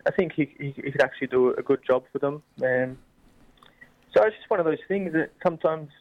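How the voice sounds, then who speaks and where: A Scottish man, a professional footballer, answering radio interview questions hesitantly, with many pauses and restarts. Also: a little high, narrow, tinny audio. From Scotland. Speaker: guest footballer.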